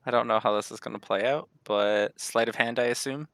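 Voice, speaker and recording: A man's voice: mid-range voice, steady tone, a little fast, vocal fry, a bit bright, no echo. A man player talking through plans in casual tabletop game chat, matter-of-fact.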